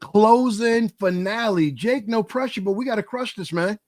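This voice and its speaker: An enthusiastic male podcast host with a high voice, pumping up his audience. The sound is dry and close, with no room around it. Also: normal speed, darkish tone, dry recording. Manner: enthusiastic, hype-style delivery. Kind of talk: energetic podcast hosting.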